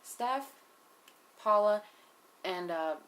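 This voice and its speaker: Her mid-range, slightly bright voice is expressive, and she draws out her words. This young woman reviews TV episodes, giving a casual, profane recap of a reality show full of "like" and "you know." Her asides are blunt and opinionated.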